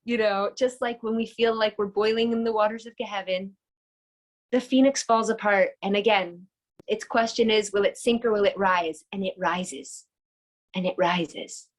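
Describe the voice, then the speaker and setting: A woman's voice: mid-range voice, fairly even intonation, normal speed, rough recording. A woman teaching a casual online lesson, enthusiastic and chatty, often asking her audience questions over a video call.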